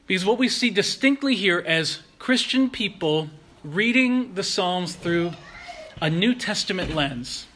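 A man delivers a sermon in a bright, forceful voice that sits a touch high. He speaks earnestly and at a measured pace. He slows right down and leans on phrases he wants to stress. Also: animated. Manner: earnest, measured preaching with slow emphatic pauses. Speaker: pastor.

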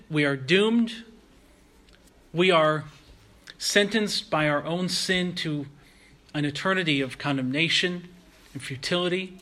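A man delivers a sermon in a bright, forceful voice that sits a touch high. He speaks earnestly and at a measured pace. He slows right down and leans on phrases he wants to stress. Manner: earnest, measured preaching with slow emphatic pauses. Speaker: pastor.

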